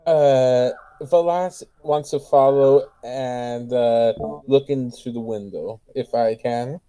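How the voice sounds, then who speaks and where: A man playing a tabletop game, speaking slowly and deliberately. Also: medium pitch, steady tone, mellow, clear, resonant tone. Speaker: player.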